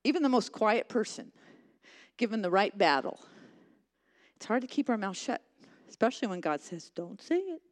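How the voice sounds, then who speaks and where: A woman preaching a sermon with passion, swinging from loud emphatic lines to hushed ones and repeating phrases for emphasis. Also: medium pitch, expressive, moderate pace, long pauses.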